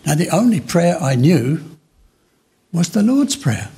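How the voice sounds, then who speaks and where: An older man preaching a sermon, telling his own story with dramatic slow pauses. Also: fairly high pitch, very animated, vocal fry, mellow, slightly rough. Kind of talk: sermon testimony.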